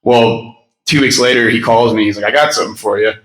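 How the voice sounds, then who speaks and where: This thirties-aged eulogy speaker has a fairly low, steady voice with a slightly bright edge, and he speaks fairly quickly. His memorial speech wanders through personal anecdotes, punctuated by fillers and laughter. The low-quality recording was made in a roomy space at a memorial gathering.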